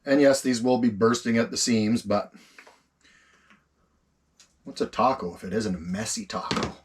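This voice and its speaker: A man filming a relaxed camp cooking vlog inside an ice fishing tent, savoring his food and talking with his mouth full. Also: medium pitch, moderate pace, husky. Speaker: outdoor vlogger.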